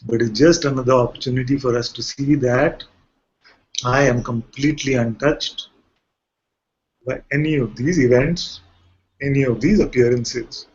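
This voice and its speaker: Husky and medium-pitched, this man talks at a moderate pace with long pauses. He's a spiritual teacher addressing a gathering conversationally, frequently asking rhetorical questions, captured on a muffled lo-fi recording.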